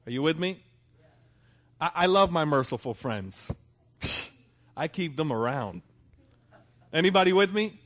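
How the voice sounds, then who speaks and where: Man, pastor, sermon in a church, slightly high voice, chatty, asks the congregation to answer back. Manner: conversational preaching, asks congregation for response.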